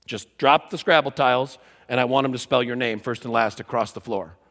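A man giving a humorous teaching talk to a live audience, an animated and self-mocking storyteller. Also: mid-range voice, brisk. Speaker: conference speaker. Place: large conference hall. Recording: long hall reverb.

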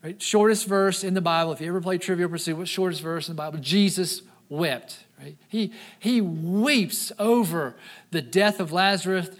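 Animated high-voiced male pastor preaching. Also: normal speed. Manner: animated, acts out voices of people in the story. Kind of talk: sermon.

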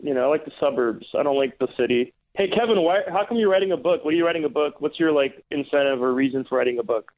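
Fast-talking man on a phone line. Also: a little high. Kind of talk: casual conversational interview.

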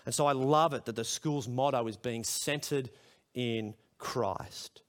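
A man's voice: mid-range voice, measured pace. A middle-aged man preaching a sermon at a school chapel service, conversational and then emphatic as he puts questions to the room.

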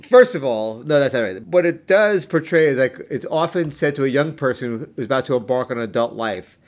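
A man's voice: medium pitch, animated, moderate pace. A man co-hosting a casual chat show who laughs a lot and trips over his words, restarting sentences. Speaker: podcast co-host.

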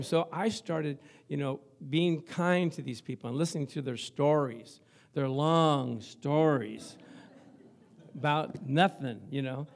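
Older man, pastor, sermon, fairly high voice, chatty storytelling, humorous. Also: slow, creaky. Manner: lively storytelling to a congregation; conversational and humorous.

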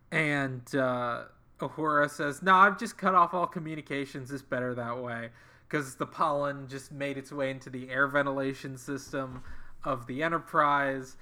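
Bright-voiced man joking on a podcast. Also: fairly high pitch. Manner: jokey, summarizing the plot with playful asides. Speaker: podcast co-host. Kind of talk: casual comedic book-discussion chat. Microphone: video call.

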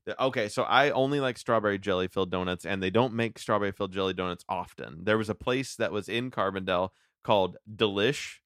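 A man's voice: fairly low pitch, fast talker, few pauses, fairly bright tone, no room sound, studio quality. A man from Southern Illinois in a casual chat, rambling with many fillers and restarts.

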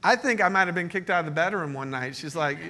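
Brief: male pastor, high and bright tone, lively storytelling sermon. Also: fast, slight background noise. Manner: storytelling, joking, animated. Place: church meeting space.

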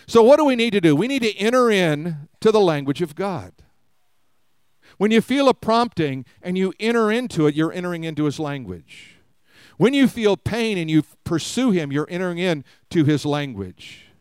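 A man's voice: high voice, very animated, normal speed, clear, resonant tone, no echo. A man preaching a conversational sermon to a live congregation, often asking them questions. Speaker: pastor. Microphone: live-streamed service mic.

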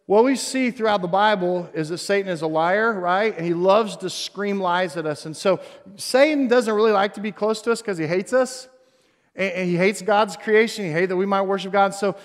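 A male pastor preaching a sermon on stage, animated and jokey, swinging between loud emphasis and hushed tones. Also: high-pitched, in a large hall. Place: church stage before a congregation.

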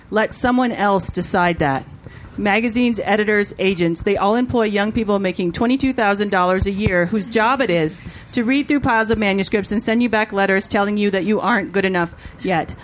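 A woman on a writers' panel, reading a passage and answering questions in a measured, earnest way. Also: medium pitch, slight background noise, rough recording. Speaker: author on a panel. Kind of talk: panel discussion, reading a quote.

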